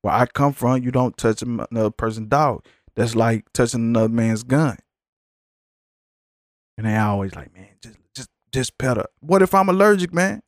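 A man's voice: mid-range voice, moderate pace, dry recording, studio quality. Profane ranting man hosting a podcast. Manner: profane, blunt, ranting, animated. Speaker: podcast host. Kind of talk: casual podcast rant.

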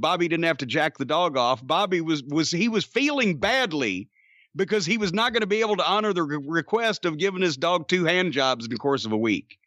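A man's voice: on the high side, fairly bright tone, dry recording. A man hosting a podcast, telling a rambling, profane anecdote and laughing at it. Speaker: podcast host, storyteller.

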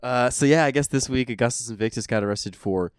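A man's voice: mid-range voice, quick pace, clean tone, no room sound. A man co-hosting a podcast, chatting casually in a rambling, sarcastic way. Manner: rambling, sarcastic, lots of fillers. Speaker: podcast co-host. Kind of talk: casual chat.

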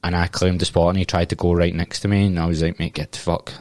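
A man's voice: low voice, flat delivery, quick pace, a little mellow, dry recording, studio quality. A young Glaswegian man, a podcast guest, telling rambling, sweary stories with plenty of laughs. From Scotland. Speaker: podcast guest, personal trainer. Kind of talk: casual podcast chat.

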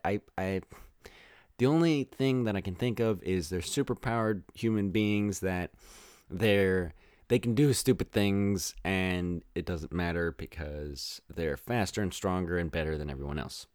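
A young man hosting a podcast, rambling through a casual spoiler-filled film review with exasperated, animated rants. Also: low-pitched, a little slow, no room sound, clean studio sound.

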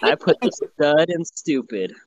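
A man's voice: a little high, huge pitch swings, measured pace, dry recording. A young man in casual crude chat, telling stories and mocking himself. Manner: storytelling, self-mocking. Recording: dull lo-fi sound, faint noise.

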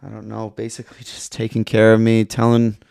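Gravelly young man, laid-back rambling. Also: on the low side, monotone, a little fast, a little mellow, no echo, clean studio sound. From Michigan. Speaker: podcast guest. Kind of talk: casual chat.

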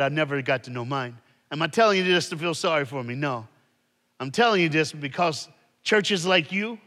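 A man preaching as a guest speaker, telling a story dramatically and dropping soft for the sad parts. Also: a little high. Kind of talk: storytelling sermon. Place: large church hall. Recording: long hall reverb.

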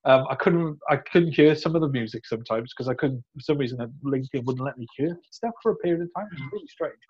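A man hosting a casual conversation, animated, often restarting sentences and laughing. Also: mid-range voice, quick pace, slightly rough, dull audio. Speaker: host.

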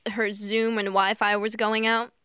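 A woman's voice: mid-range voice, level tone, unhurried, pushed and bright, clean tone, dry recording, clean studio sound. A young woman co-hosting a podcast, chatting casually and teasing her co-host playfully. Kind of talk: casual chat.

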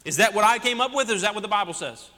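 Racing through his sermon, a man preaching as senior pastor throws one rhetorical question after another at the congregation. His voice sits high, animated and sharp in tone. Long church hall reverb surrounds him in the sanctuary.

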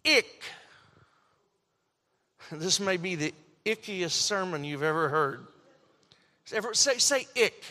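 A man preaching a sermon, telling a story animatedly and acting out quotes, with frequent stammered restarts. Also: high voice. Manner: animated storytelling with acted quotes and repeated stumbles. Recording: long hall reverb.

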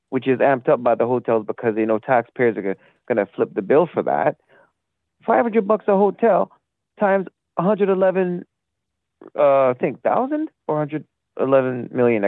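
A man's voice: on the high side, no room sound. A man calling in to a talk show, rambling and indignant, losing his thread at times. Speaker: caller. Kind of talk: call-in rant. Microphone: phone call. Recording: tinny phone line.

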